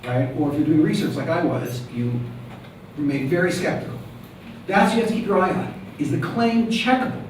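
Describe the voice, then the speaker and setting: A man lecturing as a rabbi to students, animated and joking, firing rhetorical questions at the room. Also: on the high side, brisk. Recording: very echoey room, mic at a distance, faint background hum.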